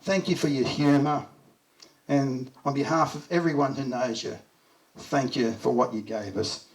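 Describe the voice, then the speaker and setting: A man's voice: medium pitch, measured pace. A middle-aged Australian man giving a heartfelt memorial speech, telling fond stories and chuckling as he goes. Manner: heartfelt storytelling, chuckles through anecdotes. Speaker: eulogy speaker. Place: memorial gathering. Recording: voice distant from the mic.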